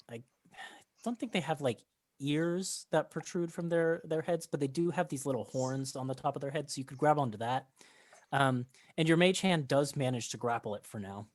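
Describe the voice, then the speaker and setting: A woman's voice: very deep voice, normal speed, darkish tone, no room sound. A woman narrating as game master in a chatty, giggly way, with many fillers.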